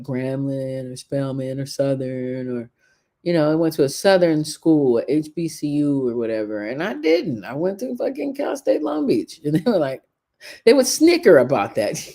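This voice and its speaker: A woman's voice: low-pitched, normal speed. A woman in her thirties hosting a show, talking bluntly and with profanity in casual storytelling. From California. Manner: blunt, profane, animated storytelling with acted quotes. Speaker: show host. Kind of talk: casual opinion talk.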